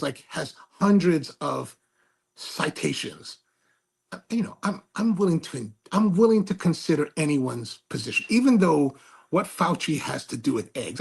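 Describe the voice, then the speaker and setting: Raspy, gravelly-voiced man rambling snarkily. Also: medium pitch. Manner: rambling and snarky, with many restarts. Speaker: host. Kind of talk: casual monologue.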